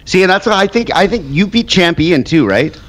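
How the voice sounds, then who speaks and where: A man's voice: high voice, lively intonation, fairly quick, fairly bright tone, faint music behind. A man co-hosting a podcast in casual chat, teasing his friends and swearing freely. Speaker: podcast co-host.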